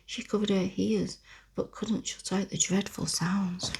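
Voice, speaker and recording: A woman reading a classic children's book aloud in a slow, soft whispered role-play. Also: mid-range voice, flat delivery, gravelly, a little hiss or hum. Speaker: ASMR storyteller.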